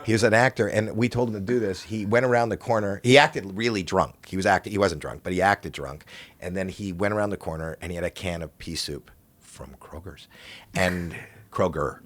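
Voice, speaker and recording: Low-voiced older man telling animated stories. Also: brisk. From Canada. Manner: animated anecdote teller with rambling restarts. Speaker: podcast guest. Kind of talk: casual storytelling chat.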